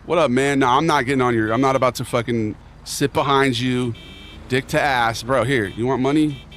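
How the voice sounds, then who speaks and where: A man's voice: mid-range voice, fairly even intonation, moderate pace, a bit bright, slight background noise. Rambling, joking streamer guy. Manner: rambling, joking bro talk with mock earnestness. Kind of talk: casual chat while playing a game.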